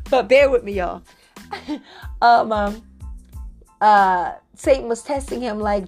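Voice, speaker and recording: A woman preaching in a faith podcast, reading scripture slowly and urging her listeners to say the words back to her. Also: a little high, soft background music. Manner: expressive, calls on listeners to repeat after her; slows down to read scripture with emphasis. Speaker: faith coach.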